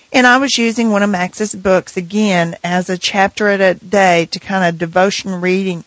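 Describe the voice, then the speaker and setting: A woman's voice: mid-range voice, steady tone, no echo, low-quality recording. Earnest woman sharing faith on radio. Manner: earnest, reflective, reads scripture slowly. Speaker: co-host of a Christian radio program. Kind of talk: personal testimony, sharing devotional reading.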